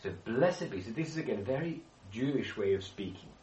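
With a medium-pitched, darkish voice, a man leads a Bible study briskly and animatedly, explaining by posing questions and often restarting. He's far from the mic in an echoey room, with a little hiss or hum.

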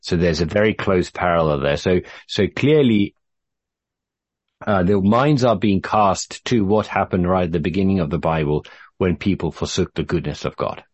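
Male Bible study leader, low husky voice, dry close sound, measured and patient. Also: no room sound. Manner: measured, patient, with frequent fillers and restarts. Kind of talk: group Bible study discussion.

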